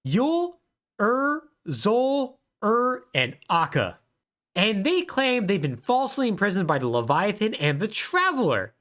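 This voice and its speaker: A man's voice: sits high, unhurried. A man co-hosting a podcast, casually retelling a story with jokes and laughs. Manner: animated storytelling, laughing at his own jokes. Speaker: podcast co-host. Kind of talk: casual chat.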